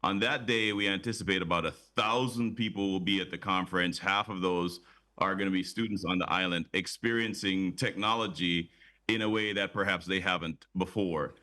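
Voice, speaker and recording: A man's voice: low-pitched, steady tone, normal speed, bright, forceful tone. A man speaking as a guest on a morning TV show, eager and promotional, often repeating words as he builds his point. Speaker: conference organizer, guest. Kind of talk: studio interview.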